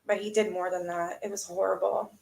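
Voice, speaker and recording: A woman's voice: medium pitch, flat delivery, a little fast, vocal fry, a little mellow. A woman hosting a live stream, reading a book aloud and breaking off to react bluntly to her viewers, often swearing. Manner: blunt, swears freely, greets chat viewers. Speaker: host.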